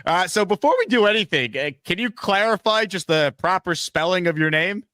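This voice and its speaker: A man hosting a comedic sports talk show, teasing his callers with quick banter. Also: high voice, lively intonation, bright, forceful tone, no room sound.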